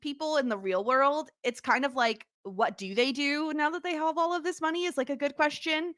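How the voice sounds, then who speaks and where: Woman co-host, chatty and rambling, voice sits a bit high, dry close recording. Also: normal speed, fairly bright tone, no echo. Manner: chatty, many fillers, laughs easily. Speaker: podcast co-host. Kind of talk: casual chat.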